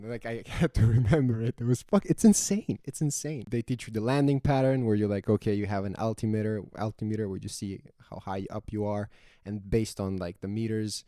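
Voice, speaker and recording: A young man from Serbia with a Serbian accent, telling a story casually, animated and swearing freely. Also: lowish voice, fairly quick, no room sound, studio quality. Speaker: vlogger.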